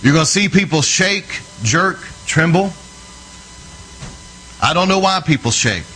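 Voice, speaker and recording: A man's voice: a little high, expressive, measured pace, sharp tone, a little hiss or hum, rough recording. Earnest preacher man telling stories. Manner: conversational, checks in with the listener often. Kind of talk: storytelling sermon.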